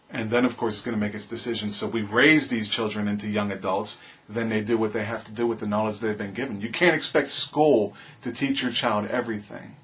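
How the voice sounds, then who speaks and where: A man talks straight to his camera in a homemade opinion vlog. His voice sits at an ordinary middle pitch. He sounds impassioned and preachy, circling back to the same urgings. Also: a bit bright. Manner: preachy, impassioned, repetitive appeals. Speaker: vlogger. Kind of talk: earnest opinion monologue to camera.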